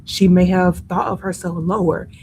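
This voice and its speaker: Woman teaching Bible study, mellow voice. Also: fairly low pitch, normal speed, slight background noise, rough recording. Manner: conversational, animated, acts out quoted lines.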